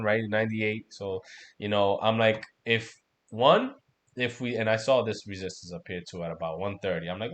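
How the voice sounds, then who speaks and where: A man hosting a casual trading livestream, talking loosely and profanely while going over charts, peppering his talk with "man" and "right?". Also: medium pitch. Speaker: crypto trading stream host.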